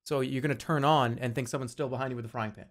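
A man's voice: mid-range voice, fairly even intonation, fast talker. A man streaming a video game and giving casual commentary, rambling and joking with a lot of swearing. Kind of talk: casual let's-play commentary.

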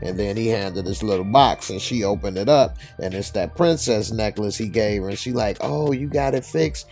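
Brief: low-voiced man, casual TV reviewer, slangy, faint music behind. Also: moderate pace, a little mellow. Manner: laid-back, slangy, lots of "uh" fillers. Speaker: TV episode reviewer. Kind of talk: casual recap narration.

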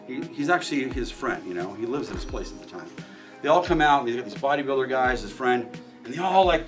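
A man of middle pitch tells long, rambling stories from his shooting range and swears freely along the way. His voice sounds a bit distant from the mic, with faint music underneath. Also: lively intonation, fast talker. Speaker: shooting range owner and firearms trainer. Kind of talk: casual storytelling in an interview.

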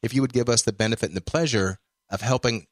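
A man's voice: medium pitch, fast talker, no room sound, clean studio sound. A man hosting a podcast interview, effusive and full of praise, calling his guest brother. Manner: effusive, warm-hearted praise, says brother. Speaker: podcast host.

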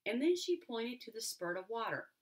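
Woman, teacher, reading a novel aloud, expressive storytelling, lively pitch, occasional restarts. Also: moderate pace.

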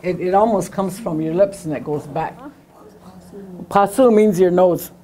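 A woman's voice: on the low side, measured pace, dark tone. A woman teaching a language class, patiently repeating sounds to demonstrate them. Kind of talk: classroom lesson.

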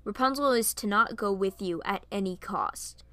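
A woman voicing a stern, strict middle-aged king who speaks slowly and firmly. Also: mid-range voice, pushed and bright, no room sound, natural voice.

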